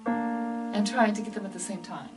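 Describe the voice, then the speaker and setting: A woman's voice: mid-range voice, normal speed, far from the mic. A woman explaining how to teach piano pieces and slurs to other teachers, in a chatty instructional way. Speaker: music teacher trainer. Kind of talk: casual instructional walkthrough.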